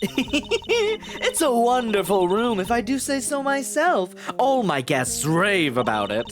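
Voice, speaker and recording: A man's voice: very high-pitched, huge pitch swings, takes it slowly, music in the background, pitched above the performer's own voice, full character voice. A man voicing a flamboyant, doting middle-aged woman warden, theatrical and sing-song, calling everyone darling. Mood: gushing.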